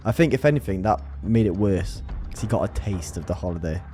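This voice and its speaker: A man's voice: deep voice, lively intonation, fairly quick, mellow, faint music behind. A man taking part in a film review chat, bantering sympathetically.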